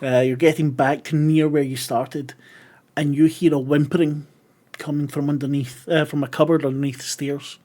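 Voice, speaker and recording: A man's voice: fairly high pitch, level tone, normal speed, dark tone. A man narrating as game master of a tabletop horror game, casual, laughing and swearing.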